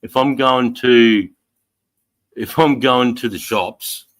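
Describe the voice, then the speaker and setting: A man's voice: medium pitch, takes it slowly, rough recording. A man casually hosting a livestream, telling stories bluntly with plenty of swearing. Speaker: livestream host.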